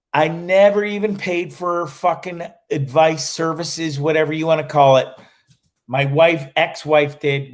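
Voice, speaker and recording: A man with a high voice chats on his livestream from a cottage while he is traveling. He rambles and swears as he tells stories, and he often breaks off and restarts his sentences. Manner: profane, rambling storyteller with many restarts. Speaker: livestream host.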